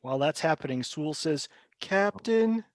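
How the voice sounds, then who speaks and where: A man running a tabletop role-playing game as game master, narrating briskly and cheering players on. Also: fairly high pitch, animated, a bit bright, no room sound. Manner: brisk, encouraging, laughs easily.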